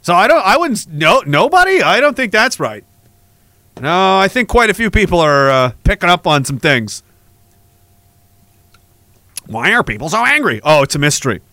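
A man's voice: high-pitched, very animated, normal speed, long pauses, pushed and bright, no echo. A man hosting a podcast, ranting in an angry, profane, sarcastic way. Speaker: podcast host.

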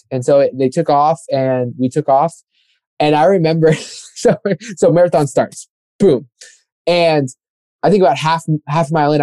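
A young man tells a running story in a casual, rambling chat, packed with fillers and acting out the voices of people he quotes. His voice is fairly high and mellow, recorded without echo.

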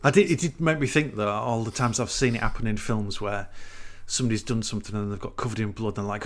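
Sweary podcast co-host. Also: male voice, lowish voice, fast talker, few pauses. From Yorkshire. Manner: sweary, anecdotal, laughs along. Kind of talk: casual banter.

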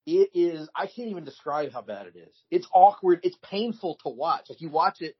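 A man talks casually as a podcast co-host in a husky voice, in relaxed storytelling with frequent restarts. The sound is dull and lo-fi. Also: fairly high pitch, moderate pace. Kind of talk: casual chat. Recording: dull lo-fi recording.

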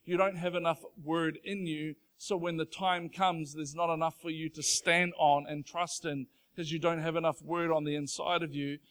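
A pastor quoting the gentle, reassuring voice of God, softer and calmer than his preaching. He speaks in a warm, steady way, as if comforting a worried listener. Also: fairly high pitch, normal speed, few pauses, clean tone, natural voice.

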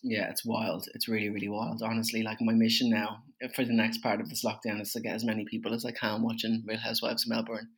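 A man's voice: on the low side, monotone, fast, few pauses, breathy edge. Chatty Dublin man gushing about television. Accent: Dublin Irish. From Ireland. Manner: chatty, gushing, many fillers. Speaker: podcast co-host. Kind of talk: casual chat.

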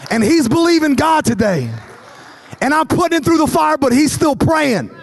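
Male pastor, thirties, fervent sermon, high voice, long hall reverb. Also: animated, normal speed, creaky, a little hiss or hum. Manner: preaching with rising, fervent repetition; storytelling, acting out dialogue. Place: large church auditorium.

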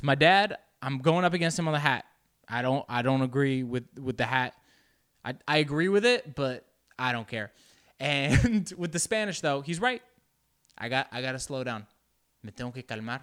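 A man talking to camera in a loose, rambling monologue, poking fun at himself and repeating words as he goes. His voice sits at an ordinary middle pitch, and he slips between English and Spanish. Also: normal speed, fairly bright tone, clean tone. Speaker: vlogger.

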